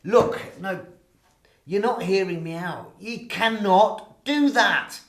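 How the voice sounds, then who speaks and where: A man's voice: a little high, very animated, takes it slowly, roomy sound. An actor playing a young Englishman who pleads insistently in an argument, his voice climbing as he speaks. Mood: pleading, exasperated.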